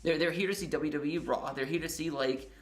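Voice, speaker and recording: A man's voice: a little high, fairly even intonation, fairly quick. Brief: man from the US, podcast co-host, reasons things out in long run-on points, faint music underneath. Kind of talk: casual political podcast chat.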